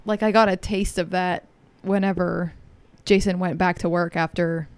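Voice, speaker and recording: A woman in her thirties co-hosting a podcast, chatting in a relaxed, conversational way. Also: lowish voice, normal speed, no echo. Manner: relaxed, conversational, hesitant fillers. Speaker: podcast co-host. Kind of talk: casual chat.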